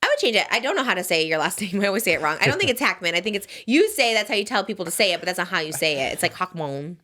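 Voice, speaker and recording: A woman's voice: mid-range voice, sing-song, rapid-fire, pushed and bright. A woman in her thirties hosting a casual podcast chat, rambling with lots of fillers and frequent giggles. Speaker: podcast host.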